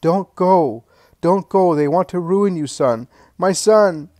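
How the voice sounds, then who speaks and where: A man voicing a grieving older mother who pleads in a high, loud voice. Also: normal speed, no room sound, natural voice. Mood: crying out. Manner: high, loud, wailing pleas.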